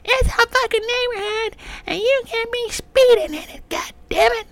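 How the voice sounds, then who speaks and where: A vlogger voicing an angry woman neighbor who scolds in a high, shrieking voice. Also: moderate pace, a bit bright. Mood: angry scolding.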